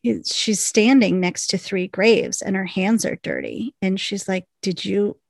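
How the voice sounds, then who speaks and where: A woman co-hosting a casual podcast, retelling TV scenes in a lively way and acting out the characters' lines. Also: mid-range voice, unhurried, creaky, no room sound, clean studio sound. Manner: animated storyteller, acts out lines in the retelling. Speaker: podcast co-host. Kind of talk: casual chat.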